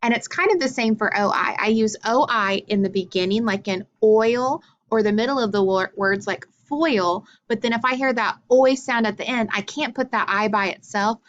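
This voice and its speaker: A woman teacher explains vowel spelling patterns in a clear, steady way and checks in with her listeners. The recording sounds muffled and lo-fi. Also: fairly high pitch, normal speed, hardly any pauses. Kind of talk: phonics explanation.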